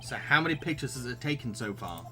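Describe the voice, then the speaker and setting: A man's voice: mid-range voice, sing-song, quick pace, sharp tone, faint music behind. A man reading game dialogue aloud during a playthrough, with playful asides.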